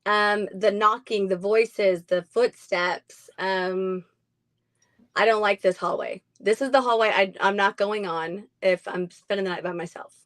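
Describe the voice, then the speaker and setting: A woman's voice: mid-range voice, steady tone, unhurried, no room sound. A woman who owns a haunted house, chatting casually in an interview with many ums and frequent laughs.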